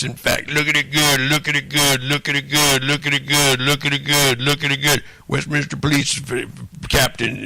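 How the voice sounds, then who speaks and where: A man rants in a long, rambling monologue, swearing freely and circling back to repeat the same phrases. His voice is gravelly with plenty of fry, yet bright and sharp-edged in tone. The sound is dry and close, with no room echo. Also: medium pitch. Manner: profane, repetitive, rambling rant.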